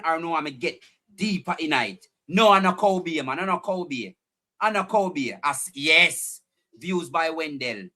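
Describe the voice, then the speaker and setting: A man with a Jamaican accent hosting a live stream, chatting animatedly to his viewers and repeating his points. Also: a little high. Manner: animated, repeats phrases, talks directly to chat viewers. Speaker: livestream host.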